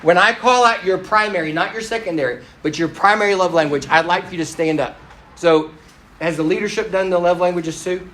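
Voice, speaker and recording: A middle-aged pastor delivers a conversational storytelling sermon, speaking directly to the congregation and poking fun at himself. His high-pitched voice runs a little fast with a fairly bright tone. The low-quality recording is reverberant.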